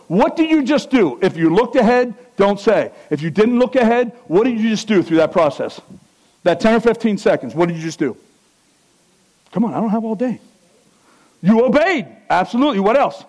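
Male pastor, high voice, energetic sermon that keeps quizzing the congregation. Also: low-quality recording. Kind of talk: interactive sermon. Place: church.

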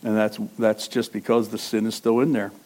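A pastor preaching to a congregation in a conversational way, asking questions and joking. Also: male voice, fairly low pitch, flat delivery, moderate pace, darkish tone. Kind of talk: sermon.

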